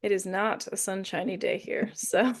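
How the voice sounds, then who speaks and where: A chatty woman co-hosting a book podcast in a rambling, easygoing way. Her voice carries a noticeable gravelly fry at a middle pitch. She circles back and corrects herself as she talks. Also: fairly even intonation, moderate pace. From Indiana, USA. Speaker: podcast co-host. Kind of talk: casual book-review chat.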